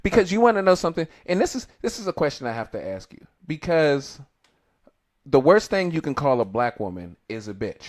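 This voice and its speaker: A man's voice: a little high, big pitch swings, fairly quick. A man co-hosting a podcast in casual chat, talking loosely and profanely, with frequent restarts. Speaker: podcast co-host.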